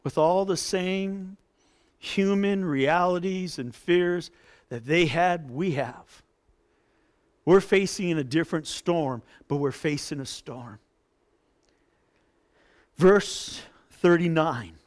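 A male pastor preaching a sermon, expressive, rising into impassioned pleading. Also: a little high, takes it slowly, pauses often.

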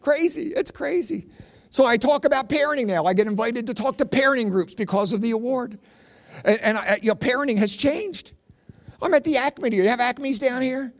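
A middle-aged Pennsylvania man, both comedian and preacher, performs stand-up full of animated stories and punchy jokes. His voice is extremely high-pitched and moves at a moderate pace.

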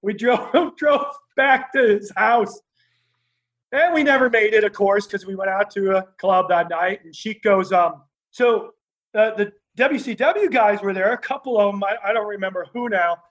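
Male interview guest, high-pitched, animated storyteller, lots of fillers and restarts. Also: moderate pace, poor audio. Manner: laughs while telling stories. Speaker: interview guest, former wrestler.

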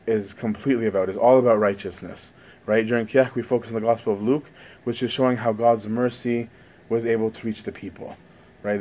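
A man's voice: fairly low pitch, a little mellow. A man giving a conversational sermon, often asking "right?" as he goes. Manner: conversational, frequent "right?" tags.

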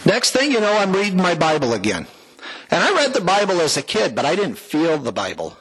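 A man's voice: fairly high pitch, wildly swooping pitch, fairly quick, fairly bright tone, breathy edge, low-quality recording. A man giving a folksy, heartfelt personal testimony to a church congregation, with small jokes along the way. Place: church sanctuary, before the congregation.

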